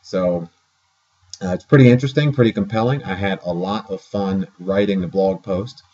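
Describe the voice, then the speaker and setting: A man with a low, husky voice and a mellow, dark tone chats to his camera in a rambling vlog. He corrects himself often and fills pauses with "uh". The sound is dull and lo-fi, like a built-in camera mic in a dim room. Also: fairly even intonation. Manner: rambling, self-correcting, many fillers. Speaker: vlogger. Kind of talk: casual to-camera talk.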